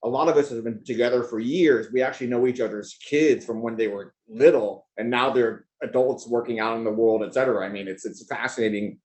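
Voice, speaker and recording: A man opening an investor gathering with loose, conversational remarks that wander from one aside to the next. His voice sits at a middle pitch and keeps an easygoing, chatty flow. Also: a little fast, hardly any pauses, darkish tone. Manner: rambling, conversational, jumps between asides. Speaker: event host and organizer. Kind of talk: opening remarks at a business event.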